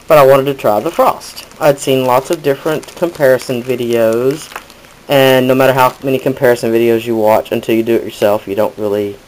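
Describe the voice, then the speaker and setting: A man's voice: medium pitch, darkish tone, low-quality recording. A man hosting a casual crafting tutorial, chatting and correcting himself as he demonstrates. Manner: chatty, rambling with self-corrections.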